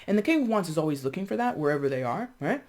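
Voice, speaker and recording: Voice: medium pitch, big pitch swings, very fast, a little mellow. Chatty tarot reader talking to camera. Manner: chatty, acts out other people's reactions in quotes; thinks aloud with frequent fillers and restarts. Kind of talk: casual tarot reading to camera.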